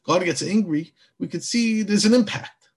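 Husky-voiced man teaching Torah. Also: high-pitched, normal speed. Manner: animated, acts out biblical dialogue. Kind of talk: Torah class lecture.

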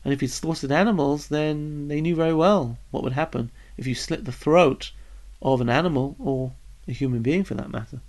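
A fairly high-voiced man gives a recorded Bible lesson. He moves between explaining the text and quoting it, reading Hebrew phrases and putting each into English. When he quotes a figure, he acts the part out with energy. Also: normal speed, a little mellow. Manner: explanatory, reads Hebrew phrases then translates them. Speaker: Bible teacher.

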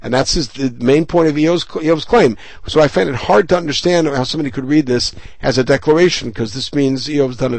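A man's voice: mid-range voice, darkish tone, no echo, rough recording. A middle-aged male rabbi teaching a Bible chapter, reading each Hebrew verse and then paraphrasing it in English with rhetorical questions. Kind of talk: verse-by-verse text study lesson.

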